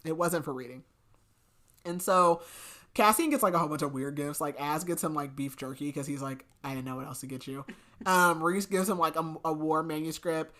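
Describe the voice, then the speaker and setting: A woman's voice: low voice, brisk, a bit bright. A young woman co-hosting a podcast, recapping a fantasy novel in casual chat, full of "like" fillers and laughter. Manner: chatty, filler-heavy with frequent "like", laughs often. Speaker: podcast co-host.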